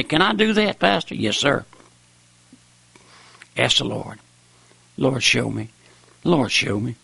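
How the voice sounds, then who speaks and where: An older man preaches in a rambling, folksy way, his voice swelling and dropping for emphasis. His tone is gravelly with a forceful edge, sitting a little high for a man. The sound is dry and close. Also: no room sound. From raised on a farm. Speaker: preacher on radio. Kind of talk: sermon.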